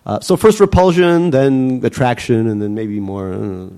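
A man's voice: mid-range voice, normal speed, mellow, clean tone. A Russian-born man, an author, answering interview questions in a wry, musing way with frequent fillers and restarts.

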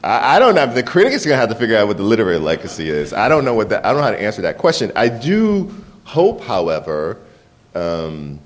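A man, an author, telling personal stories in an interview with frequent restarts and laughter. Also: on the low side. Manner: animated, laughs often, halting restarts. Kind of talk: candid conversational storytelling.

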